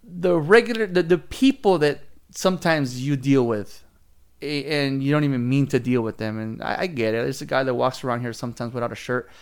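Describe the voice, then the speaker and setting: A man's voice: mid-range voice, brisk, clear, resonant tone. A man hosting a podcast, telling a story in casual chat and acting out other people's voices. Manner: animated, laughs while telling stories, acts out other people's voices. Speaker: podcast host.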